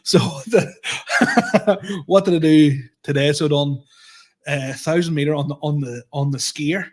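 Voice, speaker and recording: A man's voice: a little high, a little slow. A man in his thirties co-hosting a comedy podcast, ranting in casual chat, laughing often, repeating himself and swearing freely. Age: 30s.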